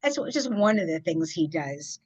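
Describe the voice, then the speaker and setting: A woman hosting a reading and introducing the next author, speaking with many pauses and fillers. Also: on the low side, big pitch swings, darkish tone, husky, no echo, rough recording. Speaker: host introducing readers.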